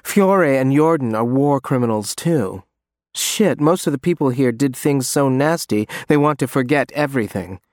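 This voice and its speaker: A man's voice: lively intonation, normal speed, darkish tone, dry recording, clean studio sound, natural voice. A man voicing a cold, menacing man. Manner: low and urgent. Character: menacing, coldly urgent adult man. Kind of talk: audiobook character voice.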